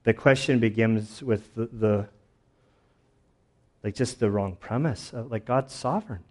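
A man's voice: on the low side, a little slow. Casual, chatty man preaching a sermon. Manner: casual, conversational preaching with many fillers and acted-out quotes. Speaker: pastor.

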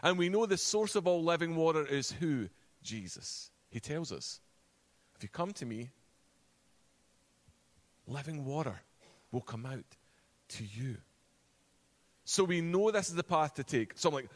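A man preaching a sermon, animated, acting out quoted voices, and dropping to a soft, low voice for emphasis. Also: unhurried, long pauses. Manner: acts out quoted voices and asides.

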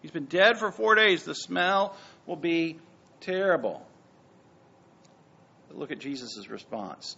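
A man preaching a sermon with a high, gravelly voice that leaps and dips in pitch. He drops to near-hushed asides, then bursts out loud as he acts out the stories. The recording sounds dull and lo-fi. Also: slow, long pauses, a little hiss or hum. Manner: animated, swings between hushed and loud, acts out quotes. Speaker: pastor.

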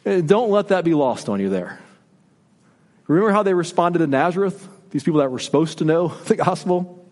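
A male pastor preaching a sermon, asking rhetorical questions and swinging between soft, low passages and rising emphasis. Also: expressive, a little fast, long reverb tail.

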